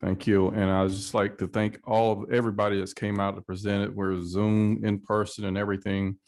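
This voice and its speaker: Courteous man speaking in flat tones. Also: on the low side. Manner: courteous and halting, with fillers. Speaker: state representative on the committee. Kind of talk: remarks at a committee hearing.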